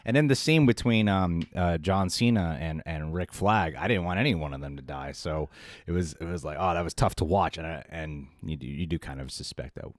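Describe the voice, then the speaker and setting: A man co-hosting a casual spoiler review, talking in an animated, chatty way and often restarting mid-thought. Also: deep voice, a little fast, no echo. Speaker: film review show co-host.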